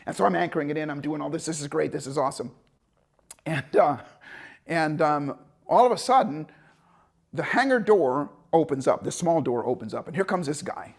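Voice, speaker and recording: A man telling a story as a motivational speaker, animated and conversational. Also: a little high, moderate pace. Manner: animated, conversational, acts out voices. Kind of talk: storytelling talk to an audience.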